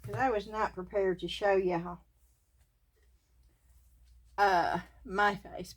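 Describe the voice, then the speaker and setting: An older Southern woman chats through a craft unboxing, giggling and calling her viewers y'all. She talks at an unhurried, drawn-out pace. The sound is close and dry, with no room around it. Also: mid-range voice, steady tone, no echo. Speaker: craft channel host. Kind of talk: casual unboxing chat.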